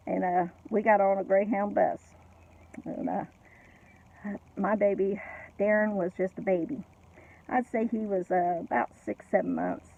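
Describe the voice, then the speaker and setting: A woman's voice: mid-range voice, gravelly. A middle-aged or older woman telling a family story in a chatty way, laughing often and adding asides, over tinny phone-like audio. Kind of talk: casual personal storytelling.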